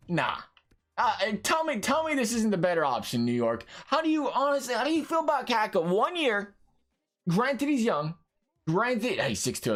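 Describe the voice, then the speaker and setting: A man with a slightly high voice talks through a sports video game in casual commentary. He is chatty and keeps turning to his viewers with questions.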